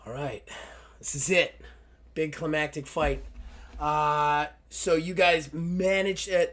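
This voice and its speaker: A man runs a tabletop game in a loose, rambling way, full of fillers and offhand swearing. His voice sits a little higher than most men's. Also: a bit bright. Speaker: game master.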